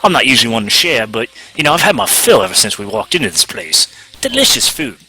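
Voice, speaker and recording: A man's voice: mid-range voice, very animated, fast talker, crowd noise. A man playing his character at a tabletop game, jovial and easygoing. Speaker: player. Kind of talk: tabletop role-play, casual.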